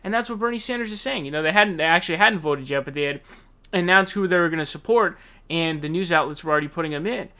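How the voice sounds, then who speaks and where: Male commentary host, high-pitched, heated and profane, casual rant. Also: fast, sharp tone, clear, resonant tone.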